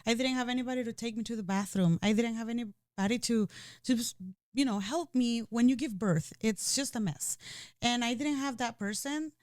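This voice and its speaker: A woman's voice: on the high side, moderate pace, darkish tone, dry recording, clean studio sound. A woman speaking candidly and emotionally in a personal conversation, often restarting her sentences. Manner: emotional, earnest, with frequent restarts and "you know".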